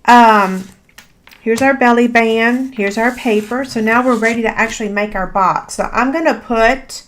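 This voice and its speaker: A woman talks through a papercraft project slowly and chattily, laughing at her own slip-ups. Her voice sits a little high. A faint hum of noise runs under the recording. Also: fairly bright tone. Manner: chatty and self-deprecating, many fillers. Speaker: paper craft instructor. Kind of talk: live crafting tutorial.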